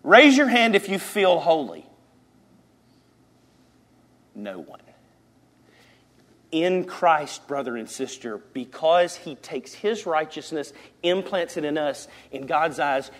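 A man preaching a sermon in a church, impassioned, swinging from loud emphasis down to hushed lines. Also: high-pitched, lively intonation, a little slow. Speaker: pastor. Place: church sanctuary.

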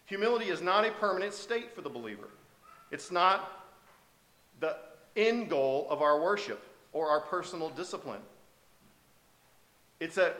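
A man's voice: fairly high pitch, a bit bright, roomy sound. A male preacher giving a sermon in a conversational way, often asking the congregation questions. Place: church sanctuary.

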